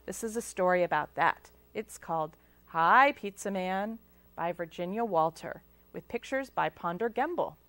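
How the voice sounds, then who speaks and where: A woman's voice: on the low side, lively intonation, normal speed, a bit bright, dry recording. A woman reading picture books aloud to children at a library storytime, sing-song and asking them questions. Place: public library. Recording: local cable TV taping.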